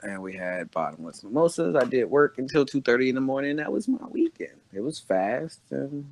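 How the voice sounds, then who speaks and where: Podcast co-host, male, mid pitch, loose rambling delivery with laughs. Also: big pitch swings, a little fast, gravelly, a little mellow. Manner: rambling, laughs between phrases. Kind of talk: casual chat.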